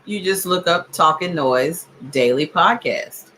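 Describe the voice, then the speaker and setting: A woman co-hosting a podcast in casual chat, unhurried as she runs through channel reminders. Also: lowish voice, expressive, a bit bright, slight background noise. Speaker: podcast co-host.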